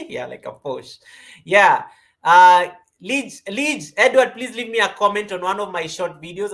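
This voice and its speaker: On her casual yoga livestream, a Kenyan woman with a Kenyan accent reads and chats through the comments. She drifts from topic to topic, says hello to viewers by name, and regularly spikes upward in pitch and loudness.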